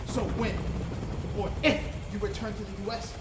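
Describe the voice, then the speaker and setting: A man's voice: sits high, flat delivery, normal speed, roomy sound, slight background noise, lightly acted, poor audio. A man playing a defiant prisoner of war. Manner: defiant, accusing, argumentative. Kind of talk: indie film drama.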